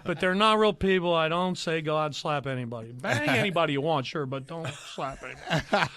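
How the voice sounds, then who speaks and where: Male podcast host, teasing banter, bright and slightly high voice. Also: expressive, brisk. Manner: teasing, joking host who runs segments.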